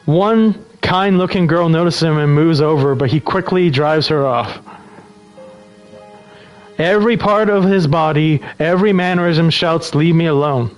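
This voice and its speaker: Male streamer with a slightly higher voice, casually narrating a game and answering chat. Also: unhurried, soft background music, rough recording. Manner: relaxed, breaks off to answer chat. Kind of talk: reading game text aloud between casual chat.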